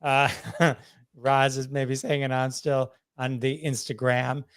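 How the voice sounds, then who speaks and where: A man's voice: mid-range voice, little pitch movement, slow pace, smooth, no echo, clean studio sound. A man hosting a podcast, bantering loosely and greeting live viewers. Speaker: podcast host. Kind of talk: casual podcast chat.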